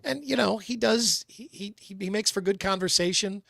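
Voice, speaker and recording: A man co-hosting a casual sports talk show, speaking in halting bursts with many restarts. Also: high-pitched, gravelly, sharp tone, no room sound, clean studio sound. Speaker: co-host.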